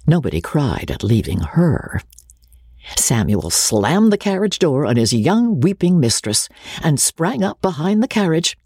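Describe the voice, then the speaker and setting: A woman reading a classic novel aloud in an expressive, wry, theatrical manner. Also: low-pitched, a little slow, breathy edge, dry recording, clean studio sound. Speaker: audiobook reader. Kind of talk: scripted audiobook narration.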